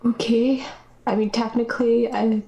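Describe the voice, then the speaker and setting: A woman playing a tabletop game, relaxed and casual as she calls out her rolls. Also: fairly high pitch, moderate pace, lo-fi sound. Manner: relaxed, counting rolls aloud. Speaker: player.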